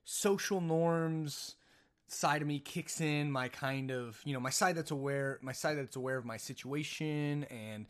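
A man's voice: a little high, measured pace. A man hosting a casual solo podcast, telling a rambling story full of jokes and self-mocking asides. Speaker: podcast host.

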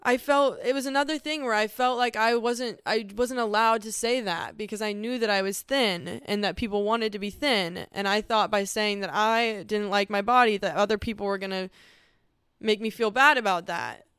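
A woman's voice: medium pitch, moderate pace, fairly bright tone, clear, resonant tone, no room sound, studio quality. A woman hosting a podcast, talking candidly and earnestly about her feelings in a personal monologue. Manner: earnest and emotional, speaking frankly about feelings. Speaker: podcast host.

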